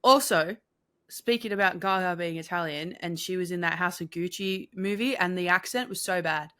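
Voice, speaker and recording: A young woman, co-hosting a casual chat, enthusiastic and quick to laugh. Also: on the low side, a bit bright. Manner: chatty, laughs often, enthusiastic. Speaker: podcast co-host.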